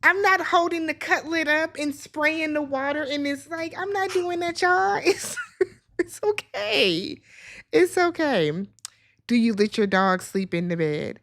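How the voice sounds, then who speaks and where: A woman from Milwaukee hosting a casual talk show, playful and animated with lots of laughter. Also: high voice, unhurried. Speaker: show host. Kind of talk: casual podcast chat.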